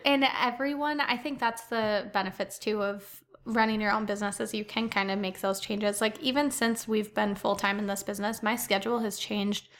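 A woman's voice: medium pitch, fairly even intonation, moderate pace, few pauses, fairly bright tone. A woman co-hosting a casual podcast chat, talking in a chatty, filler-heavy way and laughing often. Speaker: podcast co-host and business owner.

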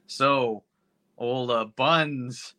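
A man on a podcast with a bright, sharp tone, summing up a plot slowly and loosely with plenty of ums. His voice sounds dry and close to the mic. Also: medium pitch, dry recording. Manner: laid-back, hesitant plot summary with fillers. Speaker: podcast co-host. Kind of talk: casual movie-review chat.

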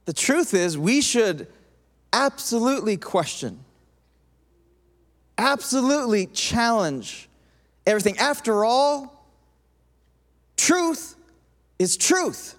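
High-voiced preacher man in a reverberant hall. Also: takes it slowly, long pauses. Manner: animated, acts out quoted voices, drops to soft intense tone. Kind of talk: sermon.

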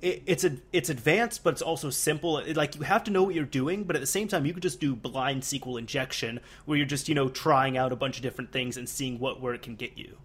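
A young man in casual chat, an animated storyteller who laughs often and uses many fillers. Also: mid-range voice, fast talker, few pauses, breathy edge.

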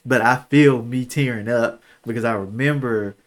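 A young man, telling a personal story on a podcast in candid slang, his voice sinking low and soft at the painful parts. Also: moderate pace. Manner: candid, slangy, lots of "like" and "bro"; emotional, voice drops low and soft when recalling. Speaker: podcast co-host. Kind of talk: casual storytelling.

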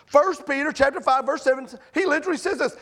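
A middle-aged pastor preaches a sermon in a church sanctuary, swinging between impassioned near-shouting and hushed pleading. His voice is very high and his pace is quick.

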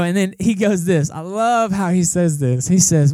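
A young man preaching a casual, animated sermon at a church service, acting out the people in the story as he goes. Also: high voice, normal speed, dry recording. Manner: animated, conversational preaching with acted-out quotes. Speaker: pastor. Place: church service in a cinema auditorium.

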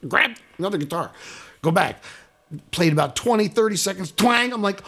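A man co-hosting a casual podcast, telling a gig story with animated, loud exclamations. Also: high-pitched, fairly quick, husky. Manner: animated, rising to loud exclamations when retelling. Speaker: podcast co-host; guitarist.

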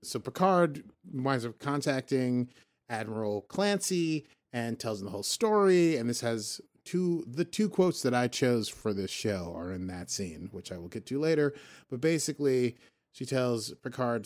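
A man's voice: mid-range voice, expressive, unhurried, darkish tone. Rambling man chatting on a podcast. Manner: rambling, self-correcting, jokey. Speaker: podcast co-host. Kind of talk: casual chat recapping a TV episode.

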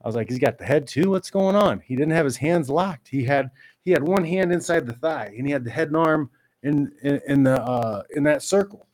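A man giving ranting commentary on a fight, exasperated and mocking, mimicking critics in a high whiny voice. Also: brisk, a little mellow. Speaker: MMA commentator.

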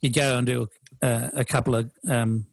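Man, middle-aged, casual podcast chat, halting, dry recording. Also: mid-range voice, fairly even intonation, vocal fry, no room sound. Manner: rambling, full of fillers and restarts. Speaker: podcast co-host.

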